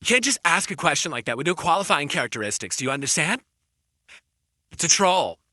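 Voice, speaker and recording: Streamer guy ranting at haters, slightly high voice, dry close mic. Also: very animated, brisk, pushed and bright, no echo. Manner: defensive, insulting rant at critics. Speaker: live streamer. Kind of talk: ranting live stream talk.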